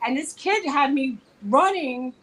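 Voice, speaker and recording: Chatty rambling woman, slightly high voice. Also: measured pace, a bit bright, rough recording. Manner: rambling storyteller, restarts often. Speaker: co-host. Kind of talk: casual chat between friends.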